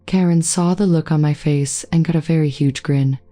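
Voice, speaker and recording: A woman narrating a first-person story in a steady, even read. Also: deep voice, moderate pace, soft background music. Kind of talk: scripted narration.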